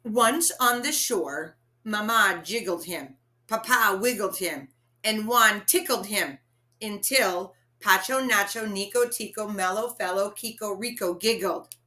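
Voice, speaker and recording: A woman reading a picture book aloud to children, expressive and asking them questions. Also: medium pitch, unhurried. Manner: expressive, asks listeners questions.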